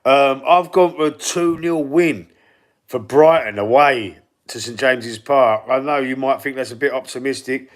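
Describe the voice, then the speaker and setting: A middle-aged man with a London Cockney accent talks at medium pitch and normal speed, hosting a football channel livestream. He chats casually through football predictions, reading viewer comments and predictions from the live chat aloud, stumbling and repeating words as he goes.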